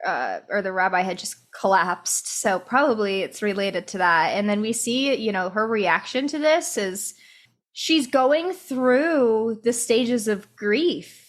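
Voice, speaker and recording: A young woman with a Midwest accent, co-hosting a podcast in relaxed, casual chat. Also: medium pitch, unhurried. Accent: American Midwest. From American Midwest. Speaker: podcast co-host.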